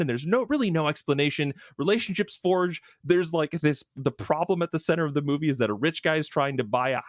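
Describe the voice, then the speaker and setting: A young man co-hosting a podcast in casual chat, rambling with lots of restarts and getting louder and higher when excited. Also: no echo, clean studio sound. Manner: rambling with frequent restarts and fillers. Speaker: podcast co-host.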